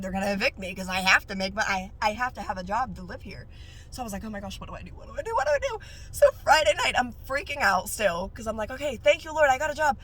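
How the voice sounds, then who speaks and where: A woman who works as a nail technician, sharing her faith testimony in a casual, animated way that jumps up high whenever she gets excited. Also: a little hiss or hum.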